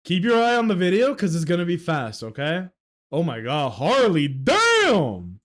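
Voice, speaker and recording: A young man chatting casually on a livestream, excitable and swearing, with sudden loud outbursts. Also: high-pitched, unhurried. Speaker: streamer.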